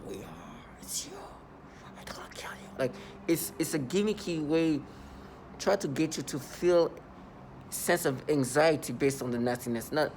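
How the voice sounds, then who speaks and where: This male vlogger talks directly to his viewers in a loose monologue, his pitch sitting in the middle range with a slightly mellow quality. He's earnest and worked up, looping back repeatedly with lots of fillers and false starts. A faint background hum is audible.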